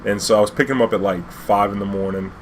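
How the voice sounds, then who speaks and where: A man's voice: lowish voice, steady tone, fast, slight background noise. A man, a cab driver telling a casual, rambling anecdote full of fillers and swearing.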